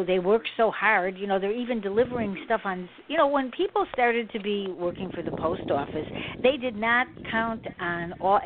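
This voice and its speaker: A woman hosts a talk show and chats with her guests. She speaks in an expressive way and laughs easily. Her mid-pitched voice comes over a tinny phone line with a faint hiss. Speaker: host. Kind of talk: casual chat on a call-in show.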